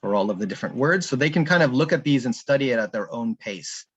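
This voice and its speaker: A man's voice: mid-range voice, lively intonation, fast, slightly rough, no room sound, dull audio. A man giving a casual online presentation of a learning app, thinking aloud with frequent ums and restarts. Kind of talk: live online conference presentation.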